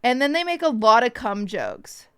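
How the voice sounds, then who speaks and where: A woman streamer telling a story to her chat in a casual, animated way, swearing often and acting out the voices of people she quotes, with hiccups. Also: a little high, moderate pace, clean tone, no echo, clean studio sound.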